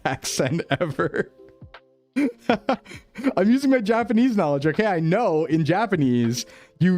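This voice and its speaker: A man's voice: a little high, a little mellow. A man streaming, chatting casually with his viewers and laughing often. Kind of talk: casual chat reading chat.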